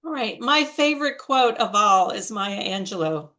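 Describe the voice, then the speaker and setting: A woman speaking as a coach on a video call, giving a motivational talk on public speaking in a deliberate, emphatic way. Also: mid-range voice, lively intonation, sharp tone. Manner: slow, deliberate, emphatic delivery. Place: online video meeting.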